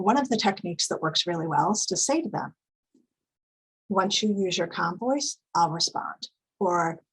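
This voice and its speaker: A woman giving a calm, instructive conference presentation, explaining behaviour strategies with frequent fillers. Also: fairly low pitch, breathy edge, poor audio. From United States.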